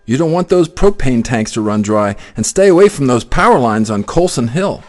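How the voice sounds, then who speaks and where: A firm, cautioning balloon instructor, voiced by a man reading a storybook aloud calls out warnings in a raised, emphatic voice. His tone lifts above the reader's usual register. Soft music plays faintly behind him. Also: on the high side, sing-song, moderate pace, pitched above the performer's own voice.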